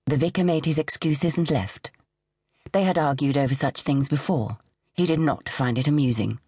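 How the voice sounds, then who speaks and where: A woman narrating a suspense audiobook in a measured, suspenseful way. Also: sits low, warm tone, breathy edge, dry recording, studio quality. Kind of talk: scripted narration.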